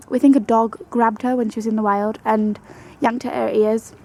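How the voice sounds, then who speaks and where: A young woman tells her pet's story in a casual home vlog. Her voice sits a little high yet mellow and dark in tone, with a gravelly fry. She talks fondly and coos softly to her rabbit between stories. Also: flat delivery, moderate pace, low-quality recording. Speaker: pet vlogger.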